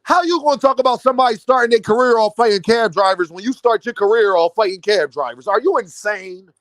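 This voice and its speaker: A man's voice: high-pitched, expressive, fast talker, a bit bright, no room sound. A man ranting about boxing to his viewers, mocking and incredulous. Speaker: boxing commentary vlogger. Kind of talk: animated boxing rant.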